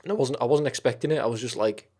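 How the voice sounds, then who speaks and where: A man's voice: mid-range voice, fast talker, a little mellow, slightly rough. A man streaming live, chatting casually about films, with lots of swearing and rambling enthusiasm.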